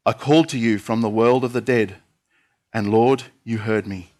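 A man's voice: on the low side, fairly even intonation, moderate pace, a little mellow, lightly acted. A man voicing a prophet's earnest prayer of distress, reading it aloud in a fairly plain voice.

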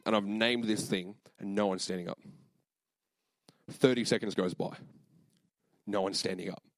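Young guy preaching, lowish voice, super earnest, lots of "like", dry close sound. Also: fairly even intonation, moderate pace, dry recording. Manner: casual, lots of fillers, emotional and earnest. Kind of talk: sermon storytelling.

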